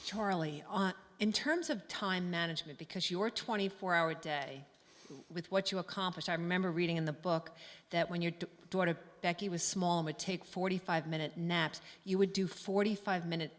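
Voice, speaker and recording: A moderator asks a question at a measured pace, with an occasional "uh" or "um". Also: medium pitch, fairly even intonation, fairly bright tone. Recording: long hall reverb.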